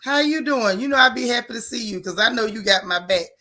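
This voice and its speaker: Chatty high-voiced woman hosting a live stream. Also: expressive, fast, pushed and bright. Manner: chatty, Southern-tinged African American vernacular, frequent "child" and "y'all". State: out of breath. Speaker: live-stream gossip host. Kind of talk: casual live-stream chat greeting viewers.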